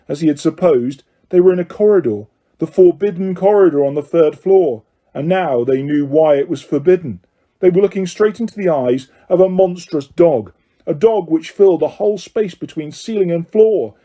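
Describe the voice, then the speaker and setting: Very dark-voiced male audiobook narrator. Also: fairly high pitch. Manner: lively, dramatic storytelling. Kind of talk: scripted narration.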